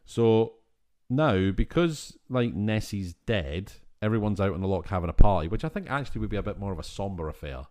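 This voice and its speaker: A Scottish man recaps a film on a podcast in a deep, low voice. He talks casually and gets animated and exasperated, and he swears freely. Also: fairly quick. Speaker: podcast co-host. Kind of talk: casual film-review chat.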